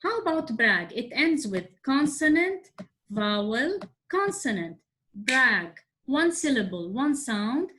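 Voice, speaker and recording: A woman's voice: high-pitched, sing-song, bright, forceful tone, a little hiss or hum. Woman teaching grammar over a video call. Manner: slow, spelled-out explanations with frequent check-ins. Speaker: English teacher. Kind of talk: online class teaching.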